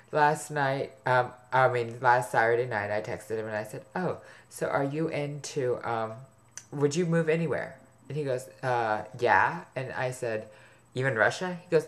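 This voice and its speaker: Gossipy, sarcastic man vlogging. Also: medium pitch. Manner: gossipy, sarcastic, swears freely. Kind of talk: rambling personal storytelling to camera.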